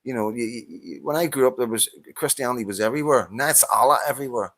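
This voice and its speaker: A man's voice: medium pitch, fast talker, fairly bright tone, dry recording. Heated Northern Irish man, dry close sound. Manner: agitated, swears often, stammering restarts. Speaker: vlogger answering a viewer's comment. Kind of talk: heated casual monologue.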